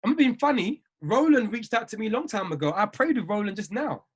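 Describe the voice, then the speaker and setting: Husky-voiced man coaching. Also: high voice, animated, fast talker. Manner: emphatic, repeats phrases, preachy. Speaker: trading mindset coach. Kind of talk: live-stream motivational talk answering viewers.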